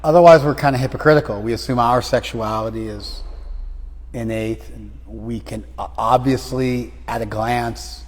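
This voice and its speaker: A man's voice: mid-range voice, fairly even intonation, moderate pace, in a large hall. A man leading a scripture class, probing his students with repeated questions. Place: class room, some students joining by phone.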